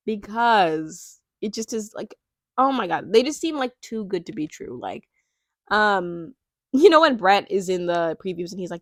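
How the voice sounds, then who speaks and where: A young woman chatting casually in a review vlog, gushing and talkative, with many likes and quick laughs. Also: medium pitch, lively intonation, no room sound, studio quality. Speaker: reality TV reviewer.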